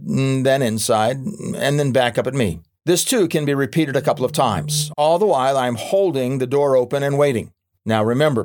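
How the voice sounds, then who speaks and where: A man narrating a nonfiction audiobook in a wry, gently humorous and measured way. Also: mid-range voice.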